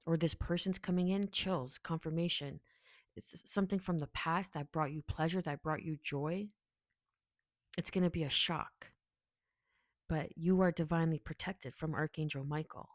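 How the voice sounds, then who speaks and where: A woman's voice: low voice, steady tone, normal speed, no room sound. A woman casually giving a tarot reading, rambling and chatty as she talks straight to the viewer. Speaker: tarot reader.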